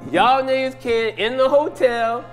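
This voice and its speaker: A man's voice: very high-pitched, measured pace, faint music behind. A man with a New Orleans accent, a guest chatting casually and jokingly in a loose, amused, slangy way. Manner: laid-back, amused, loose slangy talk.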